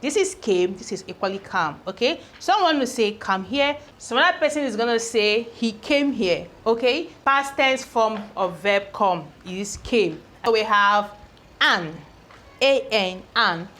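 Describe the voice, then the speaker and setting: A woman teaches an English spelling lesson, repeating every word several times and ending her points with "okay?" Her voice is a little high, fairly bright, and animated, at a slightly slow pace.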